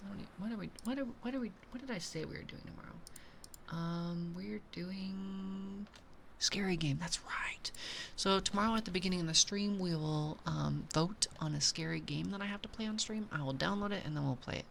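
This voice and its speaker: Young adult female streamer, low-ish gravelly voice, excitable rambling chat. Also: brisk, a little hiss or hum. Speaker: VTuber streamer.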